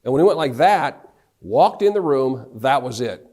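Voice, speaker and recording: A man's voice: mid-range voice, normal speed. A middle-aged man from North Carolina, a motivational speaker telling a story on stage and acting out the dialogue. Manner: animated, acts out the dialogue of his anecdotes. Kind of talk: storytelling keynote talk.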